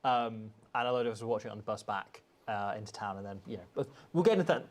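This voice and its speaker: A man's voice: lowish voice, animated, quick pace. A man co-hosting a live reaction stream, chatting casually and rambling a bit as he reads out viewer comments. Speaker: co-host of a rugby channel.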